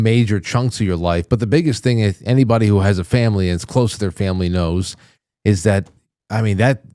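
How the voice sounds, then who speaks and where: A man's voice: fairly low pitch, a little mellow, dry recording, clean studio sound. A man hosting a podcast, reflecting aloud with frequent restarts. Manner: reflective, searching for words with restarts. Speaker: podcast host. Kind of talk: conversational podcast talk.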